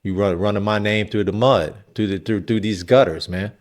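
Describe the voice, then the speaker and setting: A man's voice: on the low side, steady tone, normal speed, close to an everyday voice. A man voicing a brash, streetwise woman politician who holds a grudge and scolds in slang. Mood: defiant.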